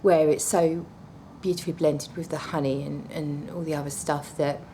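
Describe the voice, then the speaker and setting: A woman's voice: sits low, steady tone, normal speed, dark tone, a little hiss or hum. A woman reviewing perfumes in a casual vlog, chatty and gushing with blunt, apologetic asides.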